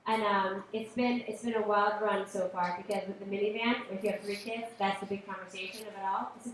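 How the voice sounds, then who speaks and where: A woman's voice: medium pitch, fairly even intonation, a little fast, far from the mic, a little hiss or hum. Chatty woman comic in an echoey club. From Boston area. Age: late 30s. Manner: chatty, self-deprecating, with lots of fillers and asides. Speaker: stand-up comedian. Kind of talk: live stand-up set. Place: comedy club stage. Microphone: stage microphone. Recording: roomy live-stream audio from afar.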